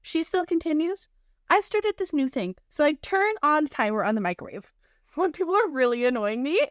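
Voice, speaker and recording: High-voiced woman on a podcast, blunt sarcastic stories, dead dry room. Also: very animated, normal speed, no echo. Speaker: podcast co-host. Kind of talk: casual chat.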